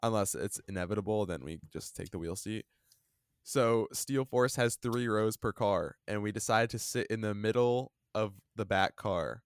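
A young man telling a story in a casual podcast chat, rambling and animated with lots of fillers, in a dry close recording. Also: fairly low pitch, normal speed, clear, resonant tone, no echo. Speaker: podcast co-host.

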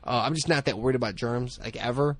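A man co-hosting a podcast, rambling through casual comedic chat, self-mocking and quick to laugh. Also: mid-range voice. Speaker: podcast co-host.

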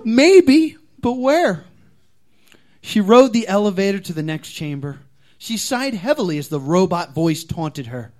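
Lively high-voiced man reading comic fan fiction. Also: unhurried.

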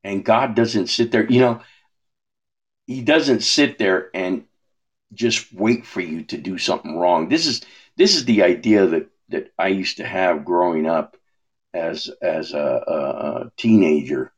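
A man talking about his faith in a relaxed way, asking rhetorical questions and often restarting his words. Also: sits low, measured pace, dull audio. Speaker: minister. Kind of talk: preaching conversation.

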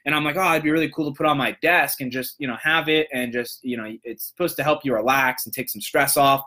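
A man's voice: medium pitch, quick pace. A young man hosting a show, casually telling a long story and acting out the people in it. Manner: animated, acts out voices in quotes. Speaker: podcast host, motivational speaker.

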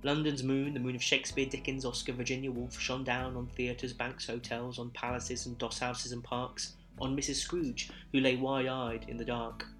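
A man narrating a Christmas story in verse with a measured, rhythmic delivery. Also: medium pitch, little pitch movement, fairly bright tone, faint music behind.

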